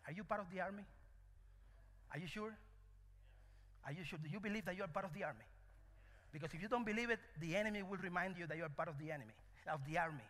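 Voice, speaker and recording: A man preaching a sermon, asking the congregation questions and telling a parable. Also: high voice. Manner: animated, call-and-response questions. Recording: echoey hall.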